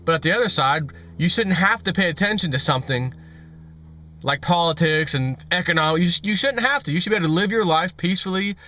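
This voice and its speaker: A man's voice: high voice, animated, fast, bright, forceful tone, slight background noise. A man hosting an opinionated financial commentary vlog, ranting and repeating himself with scorn. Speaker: vlog host. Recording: dull lo-fi audio.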